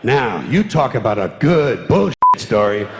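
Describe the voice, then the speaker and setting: Gravelly man ranting on a roomy stage. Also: mid-range voice, sing-song, a little slow, noisy background. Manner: emphatic, repeats phrases. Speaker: stand-up comedian. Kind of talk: stand-up routine. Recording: roomy live hall recording.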